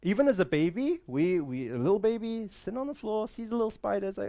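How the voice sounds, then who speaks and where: A man's voice: high-pitched, animated, fast, mellow. A man giving a live motivational talk to an audience in an event room, full of rhetorical questions and repeated "right?". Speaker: motivational speaker.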